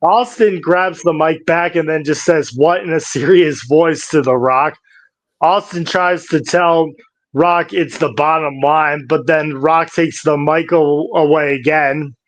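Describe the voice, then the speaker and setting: A man co-hosting a podcast, recapping old wrestling shows in a halting, casual way with restarts. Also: a little high, fairly even intonation, no room sound. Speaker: podcast co-host.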